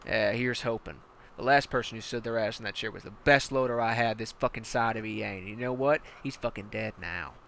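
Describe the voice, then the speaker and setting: Brutal male tank commander, played by a man: contemptuous, barking, profane, with a sharp, forceful edge. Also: fairly low pitch, a little fast, gravelly, a little hiss or hum. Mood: menacing.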